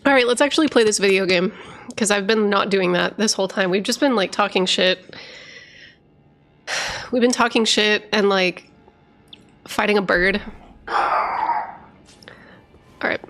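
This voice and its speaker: A woman's voice: medium pitch, measured pace, long pauses, fairly bright tone. A woman streaming a video game, chatting casually and giggling, who switches to baby talk with her dog. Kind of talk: casual live-stream chat.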